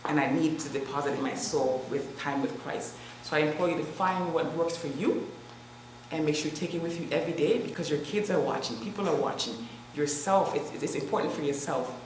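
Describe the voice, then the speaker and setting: A woman's voice: low voice, brisk. A woman fitness instructor leading a live exercise demo, counting down and urging her group on. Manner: energetic coaching, counting down and urging. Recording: echoey distant room recording with noise.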